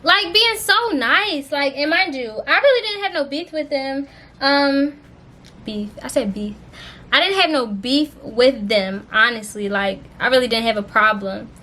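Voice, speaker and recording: A young woman vlogger telling a story in a casual storytime style, expressive and full of slang and swearing. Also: high-pitched, measured pace.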